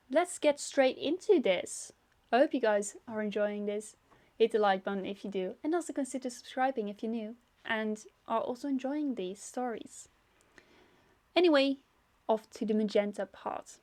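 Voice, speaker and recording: A woman's voice: a little high, a little mellow, no room sound. A woman who is a YouTuber reads her own story aloud in a casual way, often correcting herself. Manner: casual, self-correcting reader.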